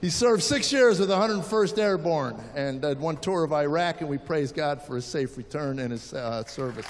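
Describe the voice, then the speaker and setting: Older male stand-up comic, high voice, live set in a reverberant hall. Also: lively intonation, moderate pace, slight background noise. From United States. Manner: storytelling with acted-out quotes. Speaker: stand-up comedian. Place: large hall with audience.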